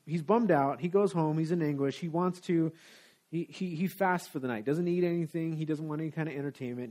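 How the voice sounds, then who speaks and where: A man's voice: a little high, darkish tone. A man preaching a sermon in a church, talking in a conversational, casual way. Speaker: pastor. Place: church sanctuary.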